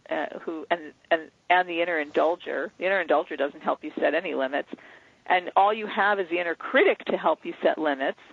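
Over a dry, tinny phone line, a male author being interviewed explains things earnestly, like a teacher, and acts out inner dialogues. His voice is slightly high and creaky, with no echo.

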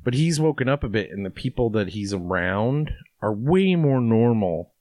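A man's voice: mid-range voice, big pitch swings, normal speed, dark tone, no echo. A man co-hosting a casual film podcast, rambling and profane, often searching for words. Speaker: podcast co-host.

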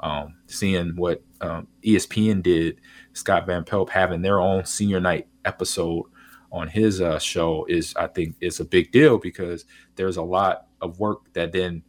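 A man with a very low voice, talking as a guest on a sports radio show. He is laid-back and rambles a bit, with plenty of ums along the way. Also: steady tone, measured pace. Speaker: guest, former football player.

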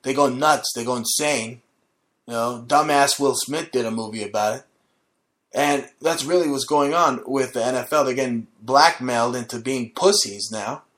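A man's voice: mid-range voice, moderate pace, fairly bright tone. Combative ranting male show host. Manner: combative, profane, mocking. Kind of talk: ranting monologue.

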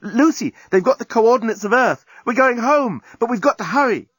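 A man voicing Nettie, a brisk, easily flustered woman, in a raised, gushing voice. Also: very high-pitched, lively intonation, a bit bright, breathy edge, no echo, pitched above the performer's own voice, full character voice. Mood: urgent.

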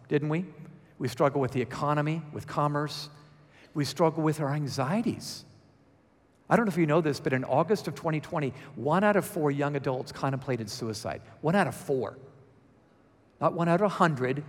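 A man with a Georgia accent preaching a conversational sermon and asking the congregation questions. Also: medium pitch. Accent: Southern US (Georgia). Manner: lively, asks the congregation questions. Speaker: guest preacher. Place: church sanctuary. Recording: reverberant church sanctuary.

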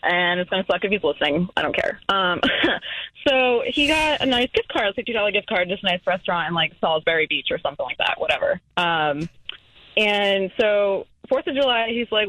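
A woman's voice: medium pitch, animated, fairly quick, fairly bright tone, no room sound, rough recording. A woman calling into a radio show, rambling through a story with lots of fillers. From New England. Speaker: caller. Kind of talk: telling a story on a call-in show.

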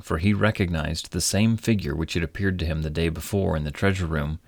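A man narrating a classic storybook tale in a gentle, expressive storytelling manner. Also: deep voice, no echo.

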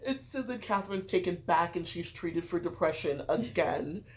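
A woman's voice: on the low side, expressive, normal speed, a crowd in the background. A woman telling a true crime story in casual podcast chat, with lots of "like" and "um". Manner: chatty, sprinkles "like" and "um".

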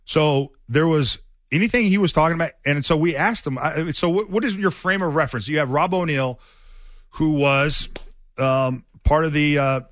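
A man's voice: fairly high pitch, moderate pace, fairly bright tone, no echo, studio quality. A man hosting a sports radio show, telling stories in a loose, rambling way with many fillers and restarts. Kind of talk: casual sports talk storytelling.

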